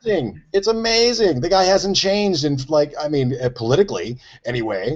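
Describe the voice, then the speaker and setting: A man co-hosting a casual live-stream chat, joking and self-mocking in an animated way. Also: fairly high pitch, a little fast. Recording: dull lo-fi live-stream audio.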